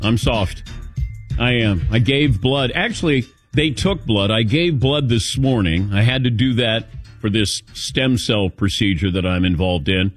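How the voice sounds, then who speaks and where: A man's voice: lowish voice, a little slow, no room sound, faint music behind. A man in his sixties hosting a sports radio show, telling a self-mocking story and acting out the people in it. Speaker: sports talk show host. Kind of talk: casual radio show chat. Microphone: studio microphone.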